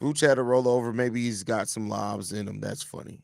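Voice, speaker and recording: Man, live show host, mid-pitched, animated and teasing, dry close mic. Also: a little fast, gravelly, no echo. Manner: animated, teasing, talks straight to viewers. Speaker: podcast host. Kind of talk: live show reading and answering chat.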